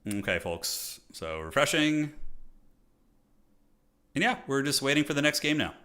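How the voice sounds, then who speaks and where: Chatty streamer, bright voice. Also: male voice, medium pitch, sing-song, measured pace. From United States. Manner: chatty, talks to chat, joking asides. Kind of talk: casual live-stream game commentary.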